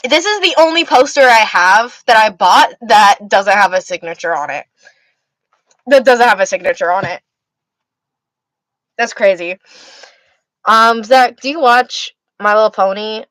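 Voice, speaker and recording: A woman's voice: mid-range voice, unhurried, pauses often, a bit bright, no echo, low-quality recording. A tired young woman hosting a livestream, chatting casually and rambling with many restarts as she answers her chat. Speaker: livestream host reading chat.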